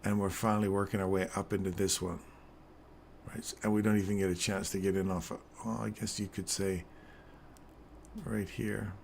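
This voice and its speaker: A man's voice: sits low, level tone, moderate pace, vocal fry, a little hiss or hum. A man hosting a live trading stream, explaining chart setups in a casual, joking way with a groggy morning voice and frequent "right?" check-ins.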